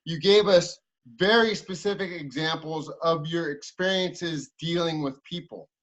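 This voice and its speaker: A man evaluating a speech at an online club meeting, offering measured, complimentary feedback over dull, lo-fi video call audio. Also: on the high side, fairly bright tone.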